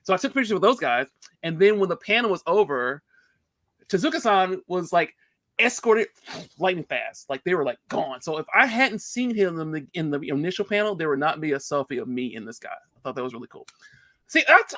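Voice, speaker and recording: Excitable man with a bright voice. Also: fairly high pitch, brisk, no room sound. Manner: excitable, animated storyteller. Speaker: game developer. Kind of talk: casual podcast chat.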